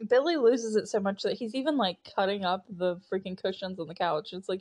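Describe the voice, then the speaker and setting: A woman's voice: medium pitch, brisk, a little mellow. Chatty laughing woman podcaster. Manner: chatty, laughing, lots of fillers. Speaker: podcast host. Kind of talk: casual movie recap podcast.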